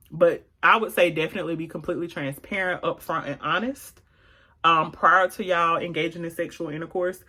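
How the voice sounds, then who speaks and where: A woman vlogger doing her makeup while answering viewer questions in a playful, sassy, casual chat. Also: a bit bright. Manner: sassy, playful, swings into high exclamations.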